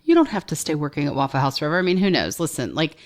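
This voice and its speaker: A woman's voice: sits low, very animated, racing. A woman co-hosting a podcast, frank and casual, swearing freely. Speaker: podcast co-host.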